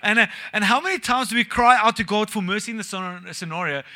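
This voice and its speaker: A man's voice: high-pitched, quick pace, pushed and bright. A young man, preaching a sermon at a church service in a casual, joking way and asking the congregation questions. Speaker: pastor.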